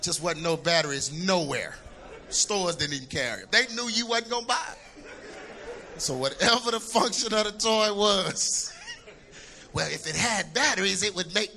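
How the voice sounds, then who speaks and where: A middle-aged man preaching a sermon, animated and humorous, shouting for emphasis as he tells stories. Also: sits high, moderate pace, vocal fry.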